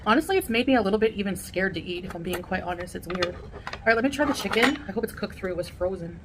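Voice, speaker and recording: A woman vlogger chatting casually to her viewers while eating a meal, rambling and pausing to chew. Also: mid-range voice, expressive, very noisy. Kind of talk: casual eating vlog chat.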